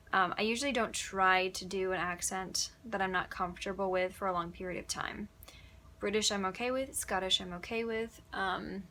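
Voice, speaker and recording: A woman from Upstate New York who narrates audiobooks, answering questions in a chatty, animated way and laughing often. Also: medium pitch. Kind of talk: casual Q&A answers. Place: home closet used as a booth.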